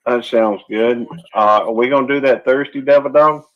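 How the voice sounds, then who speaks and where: A man's voice: medium pitch, steady tone, moderate pace, highs cut off. A man co-hosting a casual live-stream chat, mostly giving short agreeable replies.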